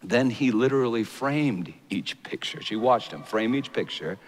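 A man preaching a sermon, dramatic and rising to loud high peaks. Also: animated, moderate pace. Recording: long hall reverb.

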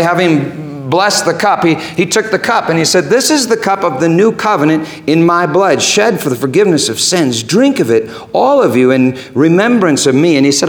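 A man preaching a sermon, impassioned, swinging from hushed tones to shouting. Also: fairly high pitch.

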